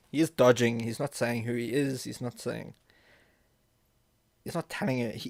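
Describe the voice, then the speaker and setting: Male streamer, gravel in the voice, dry close sound, talks bluntly and swears while reacting to a video. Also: medium pitch, darkish tone, no echo. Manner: blunt and profane, thinking aloud. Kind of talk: live stream reaction commentary.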